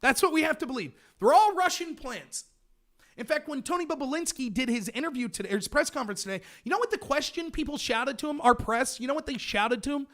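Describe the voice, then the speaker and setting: Mocking male livestream host from the US, high voice, swings up and down a lot. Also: animated, quick pace, fairly bright tone. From United States. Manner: sarcastic, mocking, ranting. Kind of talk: livestream commentary reading chat.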